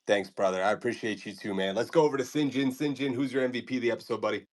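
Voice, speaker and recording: A man's voice: mid-range voice, racing. A man hosting a podcast, teasing his guests and laughing often. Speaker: podcast host. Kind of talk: casual chat.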